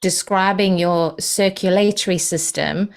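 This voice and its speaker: A woman from the UK, a podcast guest calmly explaining ideas in a patient, unhurried way with frequent fillers. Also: lowish voice, clean tone. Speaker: podcast guest, energy healing practitioner. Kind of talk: explanatory interview talk.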